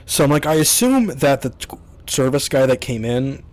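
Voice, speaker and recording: A man's voice: medium pitch, big pitch swings, normal speed, darkish tone. A man telling a story in a rambling, casual rant to his YouTube audience, exasperated and swearing often.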